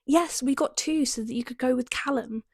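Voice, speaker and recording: A British woman voicing a caring mother in a storybook, speaking in a warm, motherly way. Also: high voice, normal speed, breathy edge, dry recording, studio quality, pitched above the performer's own voice. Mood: cheerful.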